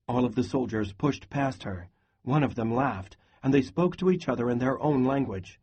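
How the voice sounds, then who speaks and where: A man reading a novel aloud in a steady, even voice for a class lesson. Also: mid-range voice, moderate pace, husky, muffled recording. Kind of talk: read-aloud lesson narration.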